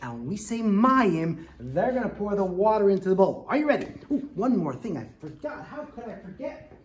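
A woman's voice: medium pitch, sing-song, normal speed. Upbeat woman leading kids in an echoey room. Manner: upbeat, coaxing, leads call-and-response. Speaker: children's workshop presenter. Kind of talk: hands-on lesson for children. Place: room with children present. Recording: echoey room, faint background noise.

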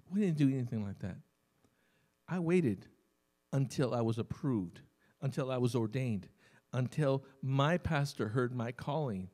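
A man preaching a sermon as pastor, telling stories conversationally and slowing down to stress key words. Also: mid-range voice, expressive, a little mellow. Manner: conversational storytelling preacher, emphatic with sudden slow stresses. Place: church service.

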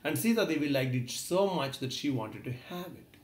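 A man's voice: on the high side, lively intonation, normal speed, reverberant. A man giving an earnest motivational talk, retelling an old epic and addressing the listener directly. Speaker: motivational speaker. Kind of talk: storytelling talk.

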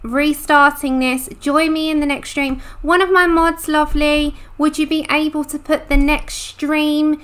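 A woman's voice: sits high, little pitch movement, unhurried, hardly any pauses, a bit bright. A woman hosting a casual live stream, chatty and apologetic while she fixes her sound. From United Kingdom. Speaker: livestream host.

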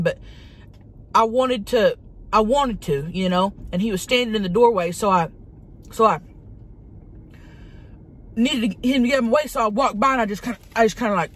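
A woman voices a brash, short-fused woman spilling drama from inside her parked car. She talks in a rambling, profane drawl. Her voice sits in a middle pitch. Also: lightly acted. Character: brash, crude, hot-tempered Southern woman. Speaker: vlogger. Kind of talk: comedic character monologue in a car.

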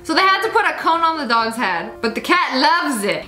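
A woman with a high, sing-song voice that leaps all over as she comments on animal clips. She laughs often and slips into little voices for the animals' thoughts. The sound is roomy, with music playing behind her. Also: very animated, moderate pace, bright, forceful tone. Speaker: host reacting to videos. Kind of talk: comedic video commentary.

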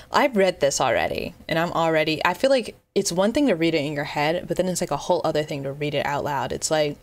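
Low-voiced young woman rambling jokily. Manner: rambling, joking, self-deprecating, many restarts. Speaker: YouTuber reacting to a Twitter thread. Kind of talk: unscripted casual commentary.

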